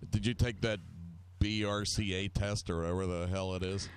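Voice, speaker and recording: A man's voice: low-pitched, flat delivery, moderate pace, clear, resonant tone, no room sound. A man telling rambling, self-mocking anecdotes in casual chat, acting out the people he quotes.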